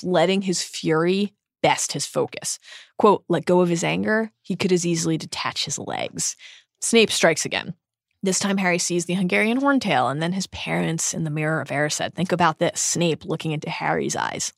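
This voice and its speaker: A woman's voice: lowish voice, gravelly, a bit bright, dry recording, studio quality. A woman co-hosting a podcast who reads passages from a novel aloud and then discusses them with earnest analysis. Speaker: podcast co-host.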